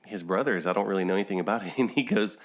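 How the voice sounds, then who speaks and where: Deep-voiced guy on a podcast, telling family stories and chuckling at his own bits. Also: rapid-fire. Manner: storytelling, laughs at own jokes. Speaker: podcast host. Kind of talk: casual chat.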